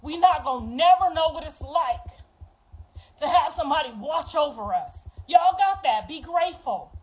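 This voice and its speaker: A middle-aged woman, speaking openly to her viewers. Her talk is raw and full of profanity. She swings from low, quiet stretches to loud, heated bursts. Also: lively intonation, normal speed, poor audio. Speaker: mother speaking out. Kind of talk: emotional monologue to viewers.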